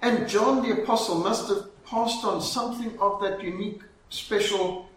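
Male preacher, dramatic storytelling, high voice, very echoey room. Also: fairly even intonation, fairly bright tone. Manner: dramatic storytelling, slowing for emphasis. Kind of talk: sermon. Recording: very echoey, from far off, faint ambience.

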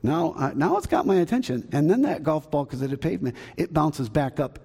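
A middle-aged man with a Southern American accent, preaching as a pastor and telling a story with acted-out shouts and sounds. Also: fairly high pitch, fairly quick, gravelly, husky, big-room sound. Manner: animated, acts out shouts and sounds, chuckles at his own jokes. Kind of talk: storytelling sermon. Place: church sanctuary.

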